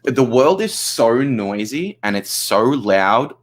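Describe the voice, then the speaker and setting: A man's voice: mid-range voice, sing-song, slow pace. A man in casual livestream chat who swears freely and laughs often.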